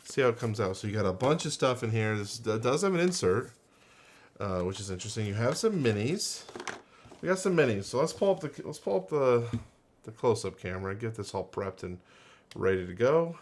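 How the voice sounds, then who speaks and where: A man's voice: lowish voice, big pitch swings, fairly quick, slight background noise. A man hosting a casual unboxing video, rambling and thinking aloud with lots of fillers and restarts. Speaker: unboxing channel host.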